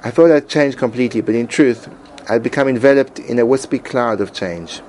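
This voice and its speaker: A man and Torah teacher reading his own personal essay aloud in an earnest, emotive way with dramatic pauses. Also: medium pitch, darkish tone, slight background noise, rough recording.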